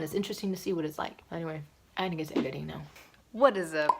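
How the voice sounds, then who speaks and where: Fast-talking chatty young woman vlogger. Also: fairly low pitch, creaky, background noise. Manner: chatty and repetitive, self-talk to camera. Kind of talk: casual rambling vlog talk.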